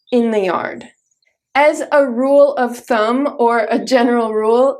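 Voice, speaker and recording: A woman from Minnesota with a Midwestern American accent, teaching an English grammar lesson in a clear, careful way with example sentences. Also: a little high, darkish tone. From Minnesota, United States.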